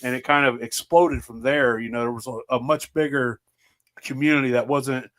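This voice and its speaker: A man's voice: medium pitch, steady tone, normal speed, a bit bright. A man guest chatting casually on a podcast, easygoing, laughing as he recalls stories and acts out quotes. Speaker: guest, moonshine partner.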